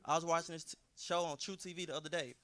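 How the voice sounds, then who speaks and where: A man's voice: fairly high pitch, fairly even intonation, quick pace, fairly bright tone. Laid-back man doing self-deprecating stand-up. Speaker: stand-up comedian. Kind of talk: stand-up comedy set. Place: comedy club stage.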